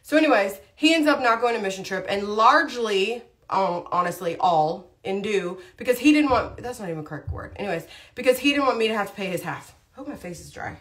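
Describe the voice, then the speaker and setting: A woman's voice: mid-range voice, expressive, fairly quick, a bit bright. A woman chatting casually on a livestream, rambling through a story with lots of asides while doing her makeup. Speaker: livestream host, mom.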